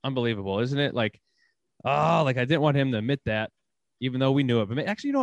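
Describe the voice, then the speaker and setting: A man's voice: mid-range voice, no echo. A man co-hosting a sports podcast in casual chat, getting fired up and ranting, laughing now and then. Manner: ranting, animated, quick to laugh. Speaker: podcast co-host.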